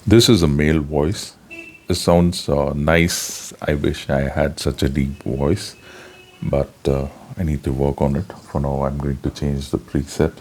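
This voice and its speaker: A man talking casually through a voice changer set to a deeper male preset. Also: little pitch movement, measured pace, darkish tone, a little hiss or hum. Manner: casual, joking. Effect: deep male voice changer preset.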